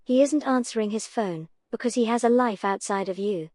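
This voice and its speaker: A woman's voice: on the high side, brisk, darkish tone, no room sound. A woman giving reaction commentary in a sarcastic, dry, cutting manner.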